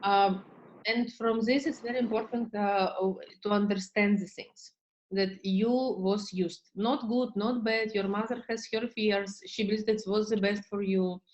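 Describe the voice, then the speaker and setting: A woman therapist coaching a client in slow, halting English with many fillers. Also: mid-range voice, fairly even intonation, highs cut off. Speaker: therapist leading a session.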